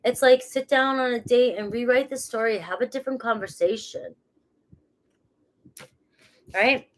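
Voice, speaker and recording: A woman's voice: fairly high pitch, normal speed. A woman with a cold, a tarot reader who gives a casual, rambling reading and laughs at herself as she talks. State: has a cold.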